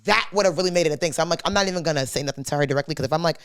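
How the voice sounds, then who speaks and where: Fast-talking young woman podcast host. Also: low voice, no echo. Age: young adult. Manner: slangy, profane, animated storyteller acting out quotes. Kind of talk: casual storytelling chat. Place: podcast studio.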